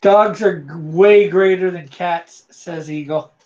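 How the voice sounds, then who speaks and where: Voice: mid-range voice, slow, a little mellow. A host from Canada, chatting casually on a live drawing stream and reading viewer comments aloud in an easygoing way. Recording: dull lo-fi sound.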